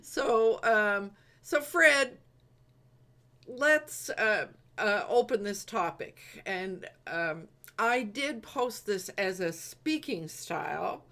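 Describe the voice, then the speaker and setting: A woman's voice: mid-range voice, expressive, drawn-out words, sharp tone. A woman hosting an online group meeting, speaking hesitantly with many fillers and easy laughs. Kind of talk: casual group video chat.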